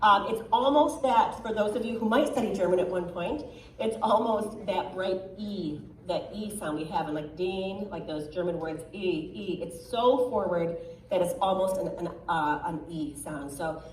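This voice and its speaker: A woman coaching a choir as a guest clinician, upbeat and encouraging, giving quick directions. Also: lowish voice. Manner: upbeat, encouraging, sometimes sings lines to demonstrate. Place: choir rehearsal room. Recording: echoey room from far off, faint ambience.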